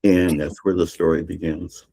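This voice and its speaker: A man's voice: low voice, flat delivery, moderate pace, creaky, mellow, husky. An older man, a novelist, retelling his book's plot in a podcast interview, rambling with restarts and fillers. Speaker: novelist guest.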